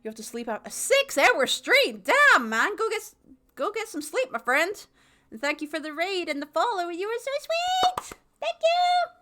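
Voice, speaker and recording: A woman's voice: very high-pitched, big pitch swings, normal speed, bright, forceful tone. A Scottish woman streaming a game, chatty and giggly, mocking her own stumbles while reading aloud. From Scotland.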